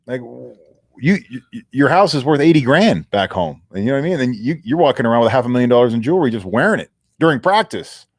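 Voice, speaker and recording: A mid-pitched man on a sports talk show tells stories with animated candor and a casual streak of swearing. His voice is recorded close and dry, with no room sound around it. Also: fast, few pauses, dry recording. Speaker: co-host, former pro football player.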